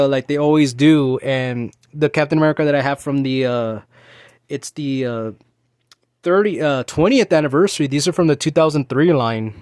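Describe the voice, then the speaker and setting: A man's voice: medium pitch, darkish tone, clean tone, no echo, clean studio sound. A man in his thirties hosting a casual solo talk show, rambling and ranting, with many restarts and fillers. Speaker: podcast host.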